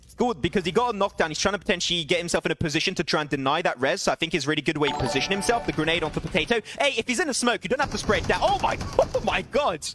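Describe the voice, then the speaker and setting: A young man casting an online shooter match alone, excitable, his voice jumping up on big plays and laughing at himself between calls. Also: high-pitched, very fast, noisy background. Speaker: esports caster streaming solo. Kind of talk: live game commentary with chat asides.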